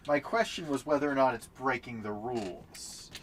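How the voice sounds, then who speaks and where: A man's voice: medium pitch, moderate pace, fairly bright tone, a little hiss or hum. A man casually chatting while setting up a tabletop game on a live stream, often mumbling to himself as he sorts pieces.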